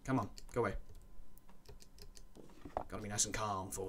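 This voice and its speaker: A man commentating his own gameplay, muttering to himself and breaking into excited yelps. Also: on the low side, moderate pace, slight background noise. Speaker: let's play gamer.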